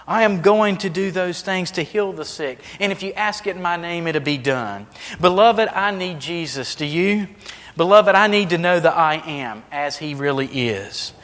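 High-voiced preaching man in a big sanctuary. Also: animated, moderate pace, in a large hall. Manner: preaching with sweeping swings between hushed and loud. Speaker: pastor. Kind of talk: sermon. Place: church sanctuary.

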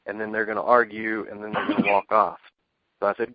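Halting man telling stories on radio. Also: on the low side, flat delivery, no room sound, muffled recording. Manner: halting, many restarts, chuckles through anecdotes. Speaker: guest, ring announcer. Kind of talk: casual radio interview, storytelling.

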